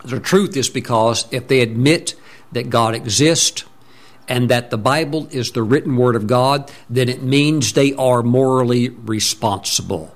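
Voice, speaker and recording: Emphatic middle-aged preacher. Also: male voice, mid-range voice. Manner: emphatic preaching with drawn-out words and hums. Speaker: pastor. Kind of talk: sermon.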